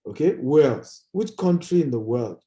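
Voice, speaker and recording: A man's voice: medium pitch, lively intonation, moderate pace, warm tone, lo-fi sound. Man hyping up a live audience. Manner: urges viewers to type replies, hyping them up. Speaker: real estate company managing director hosting a live session. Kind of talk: live stream talk to viewers.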